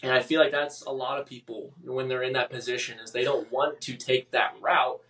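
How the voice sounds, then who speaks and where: A man telling his personal story as a podcast guest, halting and emotional, with many restarts and fillers. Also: medium pitch, fairly even intonation, fairly bright tone, distant mic.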